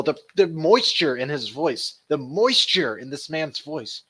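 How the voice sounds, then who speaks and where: A man hosting a commentary show, retelling and mocking video clips in a casual, animated way. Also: a little high, measured pace, few pauses, slight background noise.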